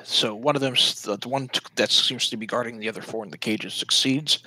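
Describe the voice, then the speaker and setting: A man's voice: mid-range voice, brisk, bright, forceful tone, husky, no room sound, rough recording. A man narrating a tabletop role-playing game as dungeon master, describing scenes and calling turns.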